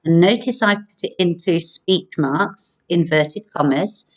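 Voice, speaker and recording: A woman primary school teacher giving a recorded video lesson, speaking clearly and encouragingly to children. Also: on the low side. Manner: slow, clear, encouraging classroom delivery.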